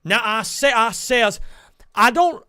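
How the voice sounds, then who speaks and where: A man's voice: extremely high pitch, expressive, takes it slowly, pushed and bright, voice pushed up, exaggerated voice. A man doing a cartoon impression of a blustering old southern rooster with a put-on drawl, long open vowels and a stammering "I say", lecturing someone with odd comparisons. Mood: blustering scolding. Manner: lecturing, calls people stupid with odd comparisons.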